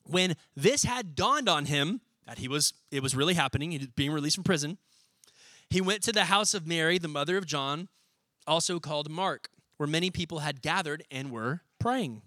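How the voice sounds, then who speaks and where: A young man preaching a sermon as pastor, talking in a lively, casual way and acting out little scenes as he goes. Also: fairly high pitch, no echo. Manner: animated, conversational, acts out scenes in quick voices.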